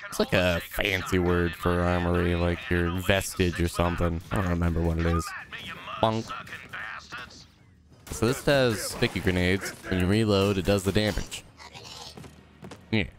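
A young man, a gaming YouTuber, narrates his own video game play, rambling and joking to himself. His intonation stays fairly even and his pace is measured, with frequent pauses. The goofy, silly rambling is broken by sudden high squeals.

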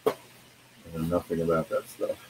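A man's voice: rumbling low, monotone, moderate pace, a little hiss or hum, poor audio. A man hosting a live online auction, presenting items in an easygoing, chatty way and quoting movie lines. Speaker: auction host. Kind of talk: casual live auction chat.

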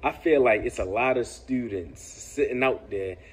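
A man's voice: medium pitch, unhurried, slightly rough. A man giving casual vlog commentary, laid-back and lecturing, often tossing in "man" and "bruh". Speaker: commentary vlogger.

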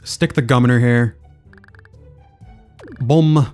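A man narrating his video game play in a loose, casual way, half talking to himself as he works out his next move. His voice sits at an average pitch, and soft music plays underneath. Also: takes it slowly. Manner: casual, muttering as he thinks aloud. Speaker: gaming video creator. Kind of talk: let's play gaming commentary.

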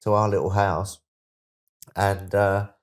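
A middle-aged man with a deep, low voice tells his stories in a loose, chatty way. He is an interview guest who keeps sliding into lively, excited voices when he acts out what people said. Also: slow. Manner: chatty, animated anecdotes, slips into excited put-on voices. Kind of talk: casual storytelling interview.

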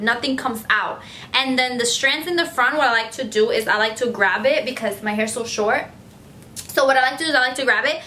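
High bright effusive woman vlogger. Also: a little hiss or hum. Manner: effusive and gushing, repeats herself. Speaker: beauty vlogger answering fan questions. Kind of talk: casual chat to camera.

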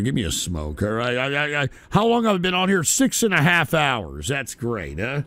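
A man hosting a live radio show, shouting curses and sighing in frustration. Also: fairly high pitch, no room sound. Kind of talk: angry live rant.

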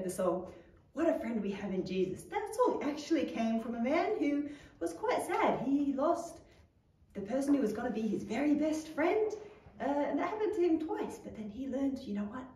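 A woman's voice: a little high, mellow, roomy sound, distant mic. A woman teaching children's Sunday school, talking to the kids in an encouraging, playful way as she leads songs and prayer.

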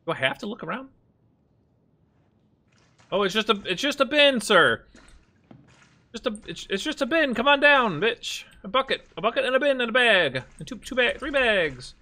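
A man's voice: very high voice, sing-song, normal speed, long pauses, pushed and bright. A young man streaming a horror game, jumpy and swearing, laughing nervously as he plays. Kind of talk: let's play commentary.

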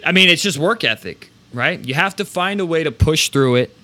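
A man hosting a podcast, giving energetic, rambling motivational talk with casual swearing. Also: fairly high pitch, normal speed. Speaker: podcast host.

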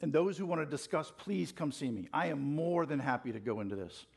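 A man's voice: a little high, animated, brisk, vocal fry, a little hiss or hum. A man preaching a passionate sermon in a church, getting fired up and calling out questions to the congregation. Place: church sanctuary.

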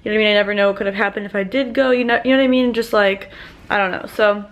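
Fast-talking chatty woman vlogger. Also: medium pitch, steady tone, muffled recording. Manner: rambling and chatty, many filler "like"s. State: tired at end of day. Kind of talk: casual vlog chat.

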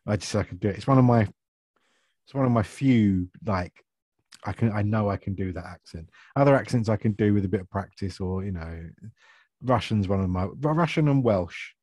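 Bloke, lowish voice, self-deprecating, laughs a lot, dry close mic. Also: male voice, brisk, darkish tone, breathy edge, no echo. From Essex, England. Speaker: actor guest. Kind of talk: casual interview chat.

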